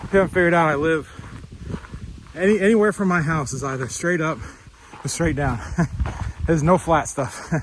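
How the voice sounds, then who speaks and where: Out on hilly rural roads and hilltops, a New Hampshire man vlogs his hike on a handheld phone, upbeat, talkative and quick to laugh, often repeating himself and breathing hard on the climbs. His voice is fairly high and his pace moderate, with frequent pauses. There's noise in the background.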